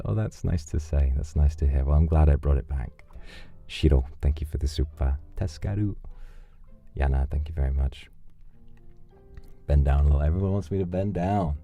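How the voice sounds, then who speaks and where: A man's voice: very deep voice, moderate pace, creaky, muffled recording, faint music behind. A man streaming, casually reading out donations in a teasing, flirtatious, rambling way. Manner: relaxed, rambling, with fillers.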